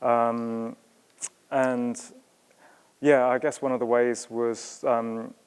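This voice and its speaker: Male sculptor, halting and searching for words, smooth clear tone, long hall reverb. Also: mid-range voice, flat delivery, a little mellow. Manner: halting, many ums and restarts. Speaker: sculptor discussing his exhibition. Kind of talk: hesitant conversational talk. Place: museum auditorium.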